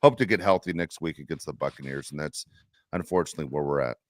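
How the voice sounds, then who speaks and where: A man co-hosting a sports fan podcast, telling animated stories in a casual chat and laughing often. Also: a bass voice, quick pace, no room sound, clean studio sound. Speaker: podcast co-host.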